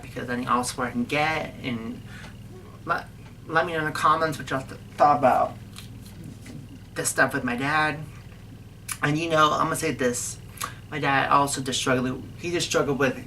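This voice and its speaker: A woman's voice: low-pitched, bright, forceful tone, a little hiss or hum. A young woman telling a personal story in a casual vlog, emotional, blunt and profane, rambling with many restarts. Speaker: vlogger.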